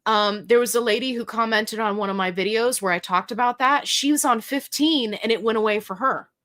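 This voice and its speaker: A woman's voice: a little high, fairly quick, fairly bright tone. A middle-aged woman hosting a casual livestream, chatty and jokey as she reads viewer comments aloud. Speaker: livestream host.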